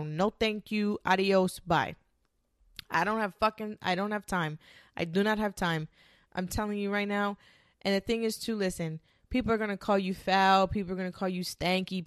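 A woman's voice: mid-range voice, no room sound, clean studio sound. A woman hosting a podcast, talking in a blunt, emphatic, swear-heavy monologue. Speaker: podcast host. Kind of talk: casual monologue.

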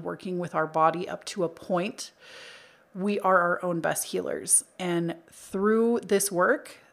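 A woman's voice: fairly low pitch, fairly bright tone. A young adult woman hosting a spiritual healing podcast, chatty and earnest, with frequent filler words, speaking into a microphone. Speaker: podcast host. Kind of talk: casual spiritual podcast talk. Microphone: studio microphone.

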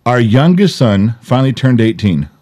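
A man's voice: medium pitch, big pitch swings, moderate pace, dark tone. A middle-aged man co-hosting a podcast in casual chat, blunt and joking with a bit of profanity. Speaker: podcast co-host.

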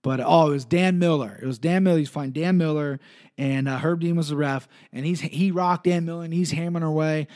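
A man's voice: fairly high pitch, brisk, darkish tone. A young man hosting a solo podcast, rambling and swearing casually, correcting himself as he goes. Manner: rambling, profane, self-correcting. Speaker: podcast host.

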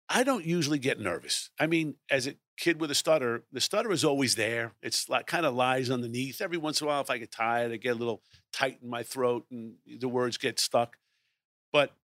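A middle-aged man tells a story with lively energy. He acts out his own lines as he goes. His voice is mid-pitched and recorded close and dry. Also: no echo. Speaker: guest storyteller. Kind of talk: animated anecdote telling.

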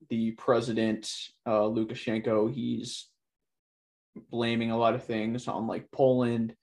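A man talking in a loose, casual way, full of fillers like "like" and "you know", in a relaxed discussion. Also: medium pitch, unhurried, creaky.

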